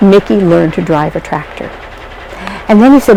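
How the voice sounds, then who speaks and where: Woman reading a kids' story, raspy gravelly voice, talks right to the listeners. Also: on the low side, expressive, moderate pace, pauses often, dark tone, a little hiss or hum, rough recording. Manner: chatty, addresses listeners directly. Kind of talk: children's story narration.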